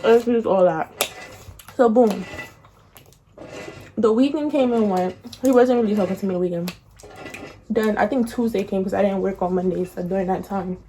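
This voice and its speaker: A young woman tells a breakup story in casual slang, laughing often and acting out quotes in a higher voice. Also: moderate pace, pauses often, warm tone, a little hiss or hum. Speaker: vlogger.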